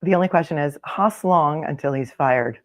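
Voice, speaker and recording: A woman's voice: low-pitched, moderate pace. A middle-aged woman attorney hosting a live-stream, reading a newspaper column aloud and breaking off for wry, chatty asides. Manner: wry, with chatty asides between read passages.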